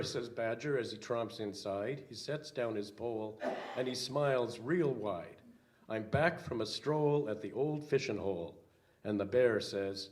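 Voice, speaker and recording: Slow-paced older male minister reading aloud. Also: medium pitch, a little mellow. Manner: slow, unhurried storytelling with hesitant fillers. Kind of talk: reading a children's story aloud.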